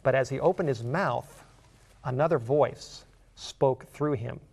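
A man teaching a Bible study, who reads scripture slowly and asks the listener earnest questions. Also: medium pitch, darkish tone, husky. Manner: earnest, slows down to read scripture aloud.

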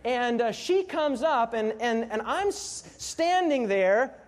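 Middle-aged male preacher, very high voice, storytelling sermon, asks the congregation questions. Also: expressive, slow pace.

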